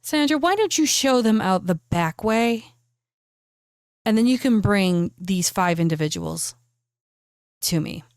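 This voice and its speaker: A woman's voice: medium pitch, expressive, measured pace, pauses often, darkish tone, dry recording, clean studio sound. A woman voicing a nervous, weary male club owner who talks in a jittery, defensive way. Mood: polite.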